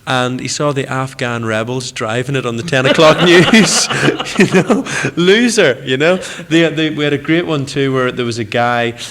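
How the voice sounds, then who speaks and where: A man's voice: mid-range voice, measured pace, fairly bright tone. Northern irish guy yarning away on the radio, jokey, laughs thru his stories. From Northern Ireland. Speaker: TV presenter, radio guest. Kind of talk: casual chat, anecdotal storytelling.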